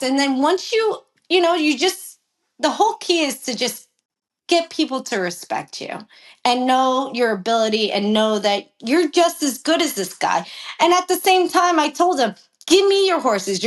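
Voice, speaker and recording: A woman jockey in a casual interview, animated and blunt, acting out heated exchanges and swearing freely. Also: sits high. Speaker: guest, professional jockey.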